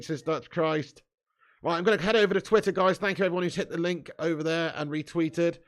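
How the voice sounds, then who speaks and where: A man's voice: a little high, a bit bright. Chatty man hosting a live stream. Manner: banters with viewers, reads out chat comments, laughs often. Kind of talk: casual live watch-along chat.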